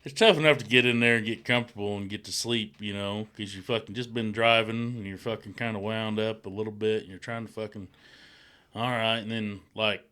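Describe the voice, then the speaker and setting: Bright, clear-voiced man telling a profane story. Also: fairly low pitch, fairly even intonation, fairly quick. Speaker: podcast co-host, former truck driver. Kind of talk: casual storytelling chat.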